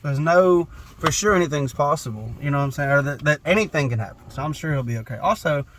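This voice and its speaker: A man, hosting a casual podcast and telling stories in a quick, profane way. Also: fairly high pitch, lively intonation, fairly bright tone, a little hiss or hum. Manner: fast, profane, storytelling. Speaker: podcast host.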